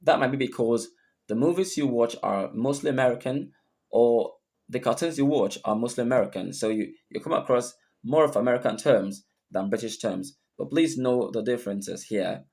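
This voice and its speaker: A man teaching an English lesson and spelling words out letter by letter, with a deliberate delivery. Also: medium pitch, gravelly, a little mellow. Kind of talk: recorded lesson.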